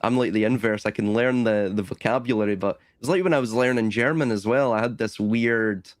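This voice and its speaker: A man's voice: lowish voice, a little fast, no echo. A man with a British accent, a guest on a casual stream, who talks at length in a polite, apologetic, rambling way. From Britain. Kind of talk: casual chat.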